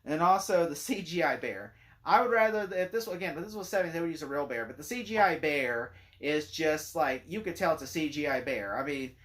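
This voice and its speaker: A man's voice: on the high side, animated, brisk, a bit bright. A man giving a casual spoken movie review, rambling and opinionated and leaning hard on "like" as a filler. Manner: rambling and opinionated, heavy use of "like".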